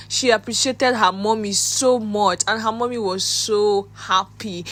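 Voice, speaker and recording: A woman's voice: medium pitch, fairly even intonation, measured pace, hardly any pauses, a bit bright. A woman with a Nigerian accent, hosting a celebrity gossip channel and chatting in a gushing way, mixing pidgin with English. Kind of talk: gossip commentary.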